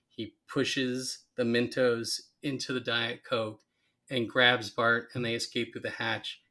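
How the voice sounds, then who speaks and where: A man co-hosting a podcast, casually recapping a cartoon episode and acting out quoted lines. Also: mid-range voice. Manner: animated retelling with quoted lines. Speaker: podcast co-host.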